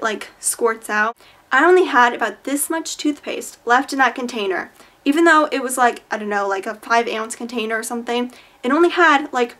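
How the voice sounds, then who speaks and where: A woman's voice: a little high, fairly bright tone. A young woman telling stories to camera in a casual vlog, chatty and exaggerated, with lots of fillers. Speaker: vlogger.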